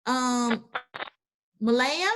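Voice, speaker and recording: A woman's voice: fairly high pitch, background noise. A woman teacher running an online class over a video call, encouraging students and praising their answers often. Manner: reads sentences aloud slowly.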